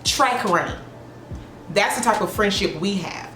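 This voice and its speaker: A woman hair stylist telling a story at home in a sassy, blunt, animated way. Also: medium pitch, a little slow, slight background noise. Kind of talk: casual storytime vlog. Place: her home. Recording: echoey room with faint music.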